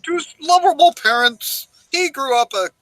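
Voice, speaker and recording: A man putting on a grand documentary-style narrator voice, telling a life story slowly and with sweeping delivery. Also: very high voice, animated, a bit bright, no room sound, pitched above the performer's own voice, low-quality recording. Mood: mock grand.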